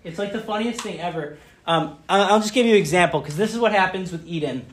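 A man in his thirties giving a playful church talk, telling stories with lots of fillers and bursting into loud, excited acted asides. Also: sits high, quick pace. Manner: chatty, many fillers like "um" and "like". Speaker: speaker giving a children's message. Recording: roomy echo.

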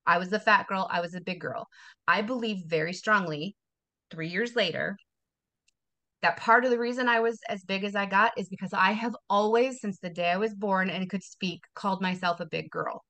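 A woman's voice: medium pitch, normal speed, bright, forceful tone. A woman in her forties, a wellness coach talking as a guest in a casual podcast interview, emphatic and motivational, repeating phrases for effect. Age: 40s.

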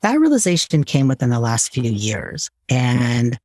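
A man's voice: mid-range voice, very animated, unhurried, a little mellow, no echo. A man speaking as a podcast guest in a candid, earnest, casual conversation, with occasional swearing. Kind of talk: reflective conversation.

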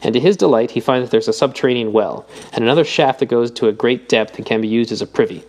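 Male narrator as eager young reader, brisk, lifts on questions. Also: darkish tone, close to an everyday voice. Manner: reads old text aloud, rising in pitch with questions.

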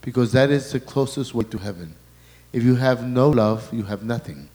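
Male priest at a middle pitch, preaching in a halting, restarting way, heard in a long hall echo. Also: mellow. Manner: halting, restarts and repeats words, relays quoted messages. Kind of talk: sermon talk.

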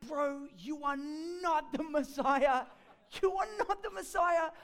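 A man voicing an indignant younger brother who complains loudly that he is always overlooked. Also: slow pace, full character voice. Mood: indignant whining. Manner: shrill, exasperated protest. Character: whiny indignant younger brother James, boy to adult.

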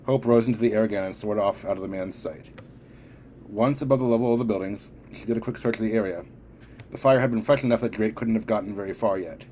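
Low-voiced man reading a story. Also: a little hiss or hum. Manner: steady, measured, occasional slips. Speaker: audiobook reader. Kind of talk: audiobook narration.

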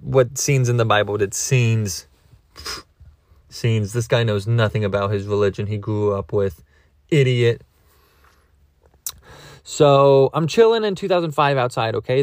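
A man's voice: mid-range voice, no echo, clean studio sound. A young man hosting a podcast, telling a meandering comic story with lots of restarts and jokes at his own expense. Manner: meandering, self-mocking, full of restarts. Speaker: podcast host. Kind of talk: rambling comedic storytelling.

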